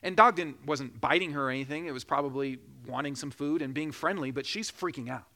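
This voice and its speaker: A man in his thirties preaching a sermon, telling a joking personal story, then building to loud, slow emphasis. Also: a little high. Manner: preaching with rising emphasis, slowing for key phrases; jokes and laughs during a personal story. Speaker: pastor.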